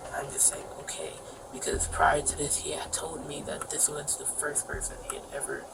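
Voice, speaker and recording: A young woman recounting events in a police interview, talking in a flat, hushed way with many fillers. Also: sits low, brisk, creaky, very noisy. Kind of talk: recorded interrogation. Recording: distant muffled interview room audio with music.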